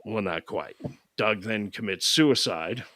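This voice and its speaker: A man's voice: on the low side, slow, fairly bright tone, dry recording, clean studio sound. A man hosting a podcast, recapping a movie in a casual, sarcastic, mocking way. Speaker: podcast host.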